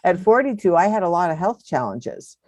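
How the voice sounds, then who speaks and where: A woman's voice: on the low side, big pitch swings, fairly quick, a little mellow, no room sound. A woman in her seventies, a podcast guest, telling stories in a chatty way and laughing often. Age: 70s. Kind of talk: casual interview chat.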